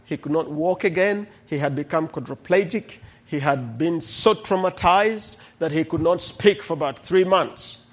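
A man's voice: on the high side, normal speed. A middle-aged man, a pastor telling stories in a sermon and acting out the people in them. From Uganda. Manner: animated storyteller who acts out the people in his stories. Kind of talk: sermon testimony storytelling.

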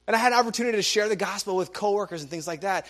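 A man's voice: high voice, rapid-fire, a bit bright. A young man preaching a sermon, telling stories animatedly and acting out the people he quotes. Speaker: guest preacher.

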